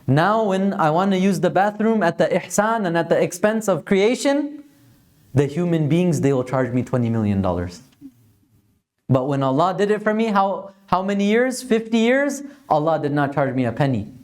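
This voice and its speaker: A man's voice: high voice, very animated, moderate pace, darkish tone. A man voicing a sick king in his fifties who pleads and laments as a teacher tells a story. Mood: lamenting.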